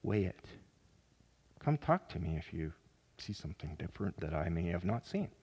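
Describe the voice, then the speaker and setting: A man preaching a sermon as pastor, earnest, with sudden loud emphatic rises. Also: deep voice, very animated, moderate pace, breathy edge.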